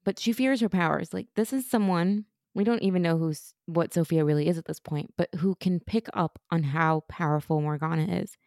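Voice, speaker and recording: A woman co-hosting a casual podcast, animated and opinionated, full of quick asides. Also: lowish voice, no room sound, studio quality. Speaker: podcast co-host. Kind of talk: casual chat.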